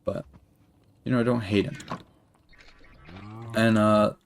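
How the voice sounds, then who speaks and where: A young man in his twenties tells a rambling, profanity-laced story while he streams a game. His voice sits low with a gravelly rasp. Faint keyboard clicks can be heard under his talk. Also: level tone, slow, background noise. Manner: rambling, profane, filler-heavy. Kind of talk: casual storytelling while gaming.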